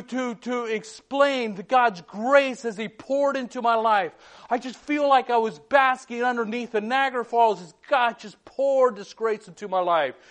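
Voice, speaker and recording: A man's voice: very high voice, a bit bright. A man preaching a sermon in an earnest, fervent way, often repeating his words.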